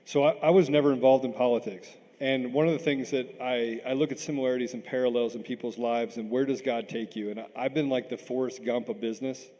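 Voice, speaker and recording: A man's voice: medium pitch, steady tone, fast talker, few pauses, dark tone. A middle-aged man from Washington, D.C. speaking as a panel guest, earnest and impassioned, often repeating words as he gets stirred up. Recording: long reverb in a big hall.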